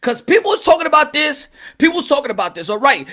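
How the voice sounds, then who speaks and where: A man's voice: very high-pitched, very animated, fast, a bit bright. A man hosting a casual boxing livestream, rambling and cussing, laughing and repeating himself as he talks to the chat. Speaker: boxing channel host.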